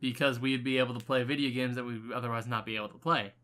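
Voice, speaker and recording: A man's voice: mid-range voice, steady tone, fast, fairly bright tone. A young man co-hosting a podcast, playfully pushing his friend in casual chat. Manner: playful, pushy, teasing. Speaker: podcast co-host.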